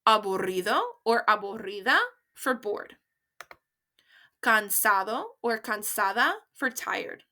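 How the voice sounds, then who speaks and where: A woman teaching a beginner Spanish lesson, explaining patiently and modeling phrases slowly and carefully for learners to repeat. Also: mid-range voice, pushed and bright. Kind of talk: slow, clear language lesson with repeat-after-me drills.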